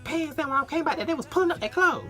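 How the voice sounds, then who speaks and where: A young man putting on his shrill scolding mom. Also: animated, very fast, sharp tone, soft background music, exaggerated voice. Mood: indignant. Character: upset scolding middle-aged mother.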